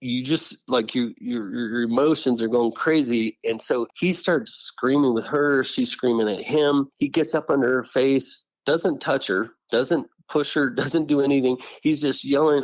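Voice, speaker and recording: A middle-aged man tells his family story in a close, dry recording. He talks animatedly and keeps voicing what relatives said, with his pitch jumping high for their lines. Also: a little slow, dry recording. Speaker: guest telling his story. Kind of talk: personal storytelling interview.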